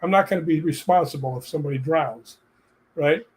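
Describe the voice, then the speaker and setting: A man telling personal stories in a casual chat, animated and laughing as he goes. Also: a little high, brisk.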